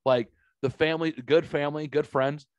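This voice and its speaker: A man's voice: on the high side, steady tone, moderate pace, clear, resonant tone, dry recording. A middle-aged man from the St. Louis area, hosting a podcast and telling a story in casual, profanity-filled chat. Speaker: podcast host.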